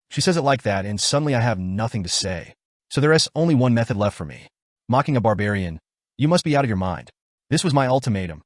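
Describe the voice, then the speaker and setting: A man narrating a story recap in the first person, with a brisk, wry storytelling manner. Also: medium pitch, expressive, dry recording, studio quality.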